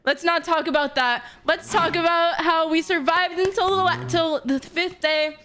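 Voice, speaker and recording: A woman's voice: very high-pitched, fairly even intonation, normal speed. A young woman streaming a game, talking emotionally and gushing thanks to her viewers with laughter. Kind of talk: live game stream chat. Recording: game music behind voice.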